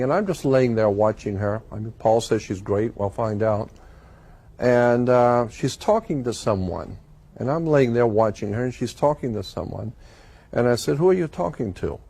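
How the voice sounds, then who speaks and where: Brief: male guest, mellow and warm, earnest storyteller in a talk interview. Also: medium pitch. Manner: earnest, deliberate, recounting quoted dialogue. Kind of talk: personal storytelling in conversation.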